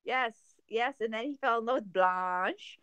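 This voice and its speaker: A woman co-hosting a podcast in casual chat, joking and rambling through plans in an animated way. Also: on the high side, measured pace, clean tone, dry recording. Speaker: podcast co-host.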